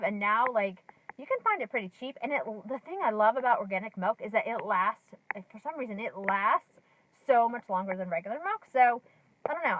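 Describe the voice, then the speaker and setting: A lifestyle vlogger in her thirties talks casually to camera from her car, chatty and full of ums and likes, and slightly out of breath. Her voice is fairly high, and the rough recording has a little hiss or hum.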